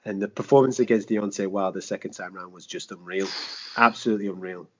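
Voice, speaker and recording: A man, a sports presenter, chatting on a podcast in a lively way, with rhetorical questions, slang and swearing. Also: deep voice, fast. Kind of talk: casual podcast chat. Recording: dull lo-fi podcast audio.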